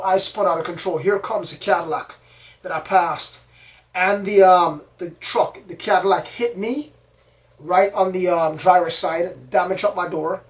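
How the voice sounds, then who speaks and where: A man hosting his own channel, telling a story in the first person in a rambling, repetitive way. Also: sits high. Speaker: channel host. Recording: distant mic, faint background noise.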